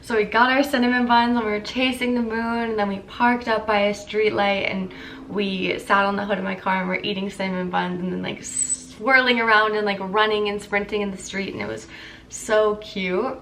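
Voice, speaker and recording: A young woman in her twenties with a croaky morning voice, chatting candidly and rambling to camera as a vlogger. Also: medium pitch, fairly even intonation, moderate pace, a bit bright, distant mic, a little hiss or hum. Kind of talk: casual chat to camera.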